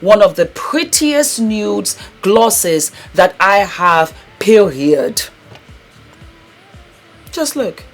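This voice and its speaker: A woman's voice: fairly low pitch, lively intonation, slow pace, fairly bright tone, faint music behind. A woman hosting a beauty vlog in a casual, effusive, chatty way, often calling her viewers darling and breaking into laughter. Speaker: beauty vlogger and host.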